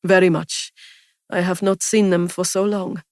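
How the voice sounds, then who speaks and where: A woman's voice: on the low side, flat delivery, measured pace, a little mellow, dry recording, clean studio sound. A woman reading a story, voicing a polite, wistful young man who speaks formally without contractions. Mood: soft, wistful.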